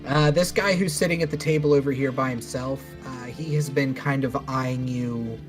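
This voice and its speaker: A man's voice: mid-range voice, steady tone, normal speed, over music. A man running a tabletop game as dungeon master, casual and laughing as he narrates, with some swearing.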